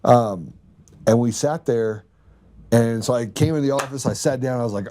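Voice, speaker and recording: A man's voice: medium pitch, normal speed, dark tone, slight background noise. A man hosting a podcast, chatting casually and telling a story while laughing often and acting out quoted dialogue. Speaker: podcast host. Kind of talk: casual chat.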